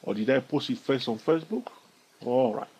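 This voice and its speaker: A man hosts a casual chart walkthrough in a husky, slightly breathy voice. He chats loosely and keeps checking in with his viewers through questions and asides. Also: medium pitch, a little fast, mellow, low-quality recording. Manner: chatty, asks viewers questions, frequent "all right?". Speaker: trading video host.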